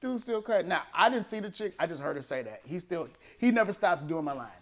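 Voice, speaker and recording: Animated, laughing male storyteller. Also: sits high, fast. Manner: animated, laughing storyteller who acts out voices. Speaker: podcast co-host. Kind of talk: casual storytelling chat.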